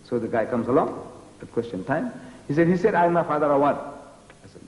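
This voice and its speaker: A man's voice: on the high side, animated, a little fast, darkish tone. An older man from South Africa, answering in an interview with an emphatic, preaching style, hammering the same rhetorical challenge again and again. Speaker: guest lecturer. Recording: dull, roomy archival TV recording.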